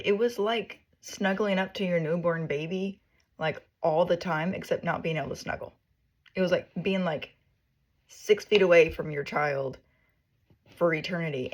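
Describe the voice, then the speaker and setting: A woman with a low-pitched voice and a noticeable vocal fry tells her faith story. She talks earnestly and emotionally. Her sentences ramble and are full of fillers. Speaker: faith testimony vlogger. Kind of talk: personal spiritual testimony.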